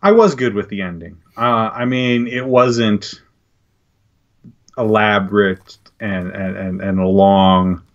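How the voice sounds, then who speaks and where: Male guest, low voice, earnest and reflective, dull lo-fi sound. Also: slow pace. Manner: earnest, reflective, hesitant restarts. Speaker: podcast guest. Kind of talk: casual chat. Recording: dull lo-fi audio.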